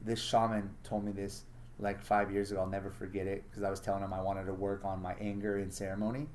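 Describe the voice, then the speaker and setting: A man's voice: low voice, level tone, quick pace, darkish tone, a little hiss or hum. A man hosting a casual solo monologue, blunt and profane, acting out his own inner thoughts as he talks. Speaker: podcast host.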